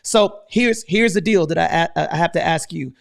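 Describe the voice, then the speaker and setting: A man from the United States hosts a live real estate stream, talking casually and energetically with lots of slang and a repeated "man." His voice is a little high and gravelly, and he speaks at a normal speed.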